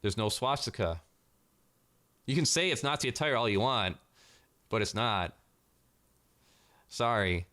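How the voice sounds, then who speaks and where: A man's voice: on the low side, expressive, unhurried, long pauses, pushed and bright. A man delivering a sarcastic, profanity-heavy commentary rant as a vlogger.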